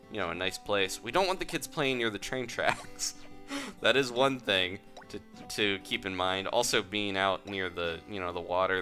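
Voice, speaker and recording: A man giving casual, playful commentary over a life-sim game, with soft game music behind. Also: on the low side. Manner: playful, reads game dialogue aloud. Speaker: gaming video host.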